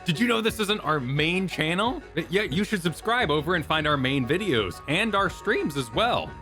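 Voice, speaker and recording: A man's voice: a little high, big pitch swings, moderate pace, pushed and bright, soft background music. A man co-hosting a game stream, chatting casually and playfully. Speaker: co-host reading game dialogue. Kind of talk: casual stream chat and game dialogue reading.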